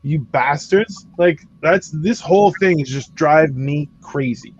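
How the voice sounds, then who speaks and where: A man's voice: a little high, measured pace, breathy edge, lo-fi sound. A man, a comedian, riffing profanely in casual chat and ranting with acted-out voices. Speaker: comedian podcast co-host.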